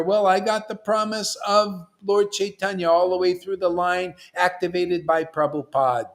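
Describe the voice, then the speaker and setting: A man's voice: sits high, moderate pace, few pauses. Fervent, slangy male preacher. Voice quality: excitable, loud bursts, laughs and shouts, slangy with "man". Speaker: preacher leading a devotional class. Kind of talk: fervent, rambling sermon with verse quotes.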